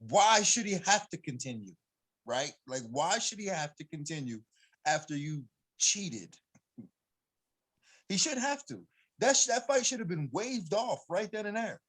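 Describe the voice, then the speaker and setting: Animated, heated man ranting. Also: high voice, a little slow, husky. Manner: heated, emphatic, laughs when fired up. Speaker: MMA coach, podcast guest. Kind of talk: casual podcast chat.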